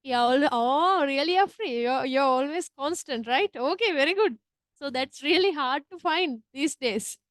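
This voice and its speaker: A woman's voice: high-pitched, lively intonation, a little slow, dry recording, clean studio sound. A woman teaching an online literature class, chatty and often asking "right?". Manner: chatty, tags sentences with "right?".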